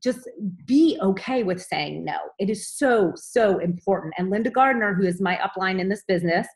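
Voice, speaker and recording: A woman's voice: medium pitch, expressive, moderate pace. A woman in her thirties giving a motivational training talk to her team, upbeat and direct, often checking in with "okay?".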